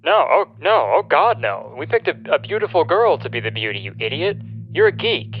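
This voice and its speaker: A man's voice: fairly high pitch, big pitch swings, a little fast, breathy edge, phone-quality sound. A man playing a rude bullying phone caller. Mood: mean. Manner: insulting, mocking. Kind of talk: comedy skit.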